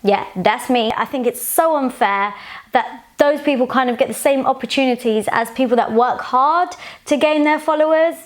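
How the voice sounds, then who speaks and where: A woman's voice: high voice, normal speed. A woman in her twenties answering viewer questions in a casual, frank, chatty vlog. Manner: chatty and frank, with sassy asides.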